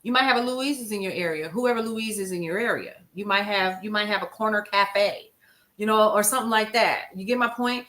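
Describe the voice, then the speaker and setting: Female stream host, bright tone, casual, talks straight to the chat. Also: mid-range voice, brisk. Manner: emphatic, conversational, addresses viewers as "y'all". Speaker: livestream news show host. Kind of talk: casual livestream chat, answering viewer comments.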